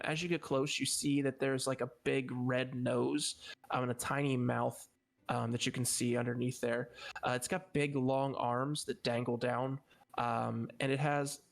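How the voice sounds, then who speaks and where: A man's voice: medium pitch, creaky. A man narrating a tabletop game as dungeon master, loose and rambling with many fillers.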